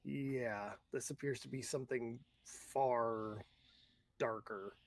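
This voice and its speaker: Slow, halting male game master. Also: medium pitch, fairly even intonation. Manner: halting, descriptive narration. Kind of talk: narrating a tabletop role-playing game.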